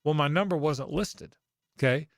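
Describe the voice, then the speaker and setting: This sports talk radio host is a middle-aged Jacksonville, Florida man with a fairly high voice and a normal speaking speed. His long story wanders and self-corrects, and he slips into quoted voices along the way. The sound is clean studio audio without echo.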